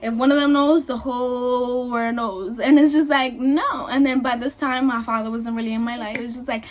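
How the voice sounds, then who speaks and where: A woman's voice: fairly high pitch, steady tone, brisk. A young woman, casually telling a personal story to her channel, chatty and full of fillers. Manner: chatty, lots of fillers and "y'all". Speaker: vlogger.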